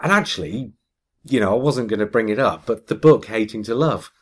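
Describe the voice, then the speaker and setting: A man hosting a podcast in casual chat, animated and jokey, reading out a listener's email. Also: fairly low pitch, fairly quick. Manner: animated, jokey, laughs often. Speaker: podcast host.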